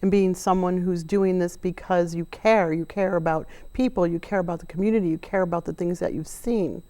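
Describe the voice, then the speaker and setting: A woman's voice: lowish voice, steady tone, brisk, mellow. A woman hosting a TV interview, supportive, summing up her guest's points. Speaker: TV host.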